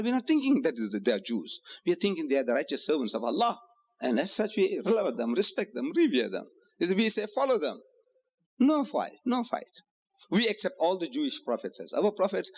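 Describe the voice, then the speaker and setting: A man from Africa, giving a public lecture in a hotel hall and driving his points home with rhetorical questions and repetition. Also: on the high side. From South Africa. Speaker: Islamic lecturer.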